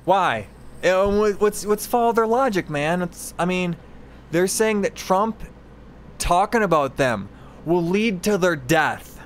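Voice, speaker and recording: A man's voice: high voice, expressive, takes it slowly, a little hiss or hum. A man ranting incredulously and sarcastically while reacting to news clips, exasperated and mocking.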